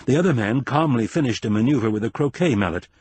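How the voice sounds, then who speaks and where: An audiobook is read by a man whose medium-pitched voice is a bit rough, delivering the story in a measured and expressive manner.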